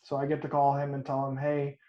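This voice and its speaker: A man tells an earnest client story at a quick pace, his voice slightly high and flat. The audio is echoey and dull, like a video call from a bare room. He speaks as an insurance agent in a team huddle. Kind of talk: casual team meeting story.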